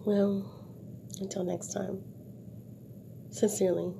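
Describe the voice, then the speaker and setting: A woman vlogger telling a story to her viewers in a casual, animated way, with wry asides, and ending on a moral lesson. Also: mid-range voice, slow pace, vocal fry, background noise.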